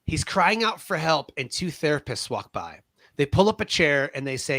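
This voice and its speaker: A man's voice: a little high, moderate pace, no room sound. A middle-aged man, a military veteran, telling personal stories in an interview, acting out the voices of the people in his anecdotes. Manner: animated storyteller who acts out the voices in his anecdotes. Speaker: veteran guest.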